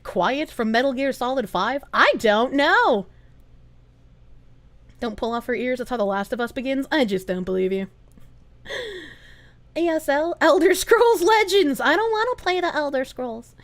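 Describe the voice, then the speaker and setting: A woman streamer chatting casually and reading viewer comments aloud, giggly and animated, swearing freely. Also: sits high. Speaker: live streamer.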